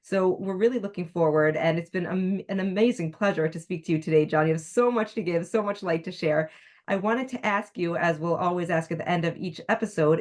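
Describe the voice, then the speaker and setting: A woman co-hosting a business podcast, warm and encouraging as she thanks her guest and wraps up the episode. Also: fairly low pitch. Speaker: podcast co-host. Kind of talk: podcast interview and outro.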